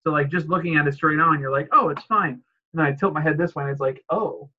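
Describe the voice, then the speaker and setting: A man's voice: on the high side, steady tone, quick pace, narrow, tinny audio. A man in casual chat, rambling and laughing often as he acts out quoted exchanges.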